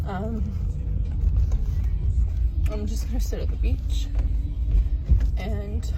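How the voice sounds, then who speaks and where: A woman crying as she films herself in a car after her divorce, speaking haltingly, swearing and breaking off. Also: mid-range voice, fairly even intonation, loud music behind the voice, poor audio. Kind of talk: emotional self-filmed vlog.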